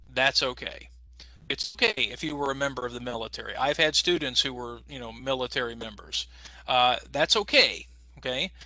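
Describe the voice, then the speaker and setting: A man teaching an English as a second language class over a video call, explaining patiently and slowly with lots of fillers. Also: on the high side, pushed and bright, no room sound. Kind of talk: online class instruction.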